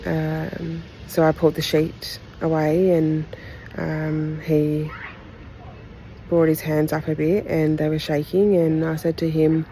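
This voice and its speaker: A woman from Australia hosting a podcast, giving a candid, heartfelt retelling of a personal story in halting phrases with pauses. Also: low-pitched, little pitch movement, mellow, a little hiss or hum, rough recording. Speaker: podcast host.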